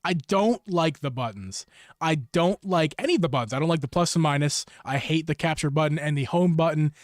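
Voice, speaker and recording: A man hosting a casual live stream about game accessories, rambling and interrupting himself, with enthusiastic shout-outs to viewers. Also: a little high, a little fast, no room sound, studio quality. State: hot and sweaty. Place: room at home. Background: background music.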